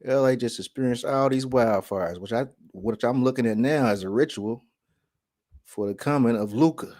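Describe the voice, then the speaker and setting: A man's voice: medium pitch, moderate pace, a little mellow. A man hosting a vlog in a casual, preachy monologue, often checking in with the listener. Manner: preachy, keeps asking "right?". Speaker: vlog host.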